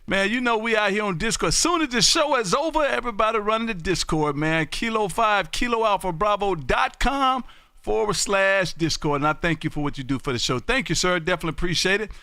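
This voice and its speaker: Loud folksy ham radio host. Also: male voice, high voice, clear, resonant tone, no room sound, clean studio sound. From Texas. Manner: loud, folksy, drawn-out exclamations. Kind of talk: casual on-air radio chat.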